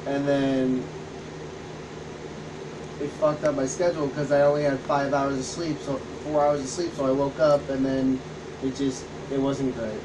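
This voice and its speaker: Here a man's medium-pitched voice barely rises or falls as he chats at a moderate pace, co-hosting a game stream and spinning rambling stories full of swearing. Recorded on a distant mic, the clip carries a background hum.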